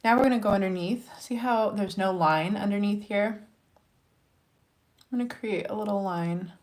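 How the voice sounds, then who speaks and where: With a mid-range voice and a darkish tone at normal speed, a young woman from Montana runs a relaxed makeup tutorial. She encourages her viewers and keeps talking as she applies her makeup.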